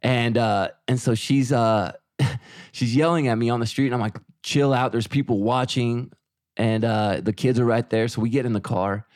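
A man's voice: mid-range voice, steady tone, normal speed, a little mellow, dry recording, studio quality. A middle-aged man co-hosting a podcast, telling a story in casual chat and quoting himself and his wife. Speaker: podcast co-host.

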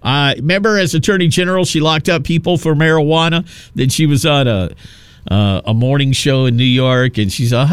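A man's voice: a little high, expressive, moderate pace, clear, resonant tone, dry recording. Brief: male radio talk host, mocking and sarcastic, dry close studio sound. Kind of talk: opinionated talk radio monologue.

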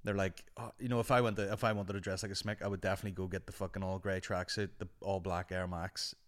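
A man's voice: deep voice, fast talker. A man with a Northern Irish accent hosting a podcast, telling rambling, sweary stories in casual chat. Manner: sweary, rambling, animated anecdotes. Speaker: podcast host.

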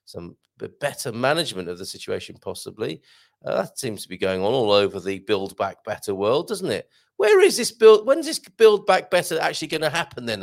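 A man's voice: mid-range voice, vocal fry. A man hosting a casual live show, reading out viewer comments and chatting, often interrupting himself and laughing at his own jokes.

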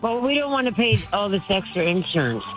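A woman's voice: mid-range voice, big pitch swings, fairly quick, faint music behind. A woman calling in to a talk radio show from her front porch, chatty and sarcastic. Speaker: regular caller. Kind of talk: casual phone-in chat. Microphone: phone. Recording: dull lo-fi phone line. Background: wind chimes.

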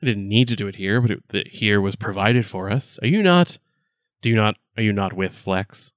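A man voicing a tall, eerie skeleton that tends a circle of giant pumpkins, speaking in a calm, menacing way. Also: lowish voice, fairly quick, dry recording, studio quality, lightly acted. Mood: cold, dismissive.

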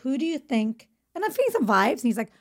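A woman's voice: high voice, sing-song, quick pace. A woman comedian on a podcast, casually telling a story from her school days, restarting often and laughing. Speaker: comedian guest.

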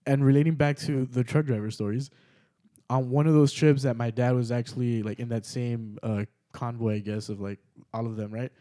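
A man's voice: mid-range voice, fairly even intonation, brisk, mellow. A young man hosting a podcast, casually telling a story with many fillers and frequent swearing. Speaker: podcast host.

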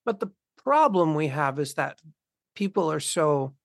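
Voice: medium pitch, big pitch swings, measured pace, gravelly, no room sound, clean studio sound. A speaker in a casual conversation, talking bluntly and philosophically, swearing often and acting out imagined voices.

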